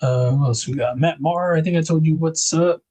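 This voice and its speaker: A man's voice: on the high side, brisk, mellow, husky. A man hosting a casual livestream, chatting to viewers, reading their comments aloud and laughing often. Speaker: livestream host.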